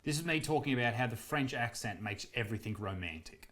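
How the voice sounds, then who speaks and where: A man's voice: mid-range voice, expressive, quick pace, fairly bright tone. A man with an Australian accent, a comedian speaking directly to his viewers in a defensive, emphatic way. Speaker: comedian addressing his audience. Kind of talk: direct-to-camera explanation.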